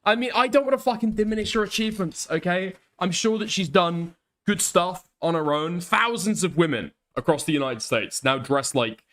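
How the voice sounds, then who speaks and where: A young streamer reacting to clips rants casually in a high-pitched, slightly bright voice at normal speed. He swears a lot, is emphatic, and keeps pushing his points with repeated "okay?" tags.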